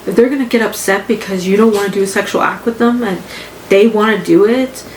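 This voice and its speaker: A Canadian woman with grown children talks candidly and fairly quickly at a medium pitch, rambling and repeating herself in a casual personal podcast. She records in her living room on a home podcast setup, where the room echoes and a faint hum sits underneath.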